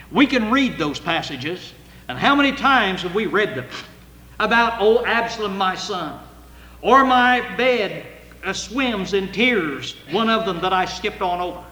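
An older man preaching a sermon with earnest emotion, at times rising to loud cries as he reads scripture. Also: a little high, a little hiss or hum. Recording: echoey hall with long reverb.

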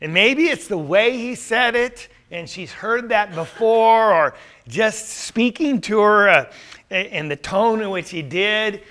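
High, bright-voiced male Bible teacher. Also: slow. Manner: conversational, with rhetorical questions.

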